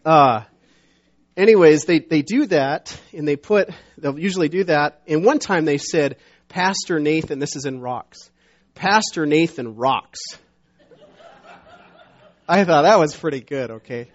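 A middle-aged man preaches in a loose, chatty way, stumbling over restarts and fillers before rising to emphatic scripture readings. His voice sits a little high for a man. The recording is dull and lo-fi. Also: moderate pace. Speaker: pastor. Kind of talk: sermon. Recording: dull lo-fi sound.

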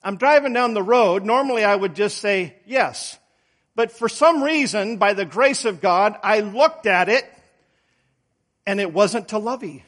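With a high, animated voice that is a bit bright, this middle-aged preacher keeps a measured pace through his sermon. Homey anecdotes fill his delivery, and he punches words with emphatic upward lifts.

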